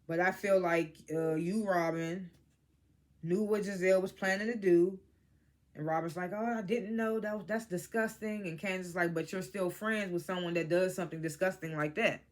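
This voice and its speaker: At a moderate pace and medium pitch, a vlogger bluntly and casually reviews a reality TV episode out loud. The delivery is animated, with free swearing and reenacted quotes from the cast.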